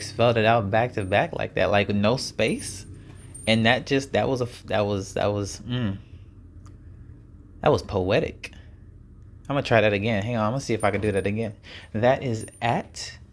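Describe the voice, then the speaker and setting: A man hosting his own podcast in a casual, playful way, talking straight to his listeners with jokey asides. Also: on the low side. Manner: jokey asides with laughs and sighs. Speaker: podcast host. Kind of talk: casual solo podcast chat.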